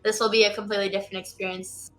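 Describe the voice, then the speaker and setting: A woman's voice: mid-range voice, little pitch movement, racing, poor audio. An eighteen-year-old woman who streams, chatting casually on a call in a bubbly, slightly flustered way. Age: teens. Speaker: streamer guest. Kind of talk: casual chat.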